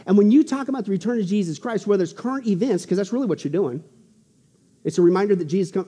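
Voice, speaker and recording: A male pastor preaching a sermon, swinging between loud exclamations and hushed asides. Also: high voice, lively intonation, fast, husky, long reverb tail.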